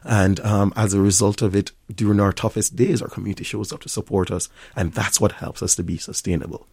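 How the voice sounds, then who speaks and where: A man's voice: on the low side, fairly even intonation, fairly quick, gravelly, a little mellow, breathy edge, no echo, clean studio sound. A middle-aged Jamaican man, a restaurant owner, talking in an upbeat interview and laughing often. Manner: upbeat, laughs often, acts out customers' voices. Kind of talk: interview conversation.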